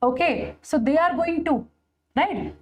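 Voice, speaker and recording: A woman's voice: high voice, lively intonation, unhurried, darkish tone. A woman with an Indian English accent teaching a biology exam-prep lecture online, repeating key points and checking with students. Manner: addresses students with Hindi endearment "bache".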